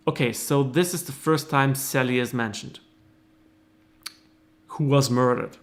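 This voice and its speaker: A man hosting a livestream, reading a screenplay aloud and commenting on it in a measured, thoughtful way with hesitant restarts. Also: mid-range voice.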